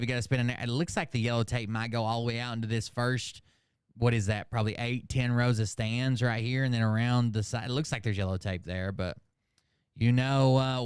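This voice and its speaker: A man's voice: mid-range voice, clean tone, no room sound, clean studio sound. A man hosting a casual commentary show, reading emails aloud with sarcasm and swearing. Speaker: host.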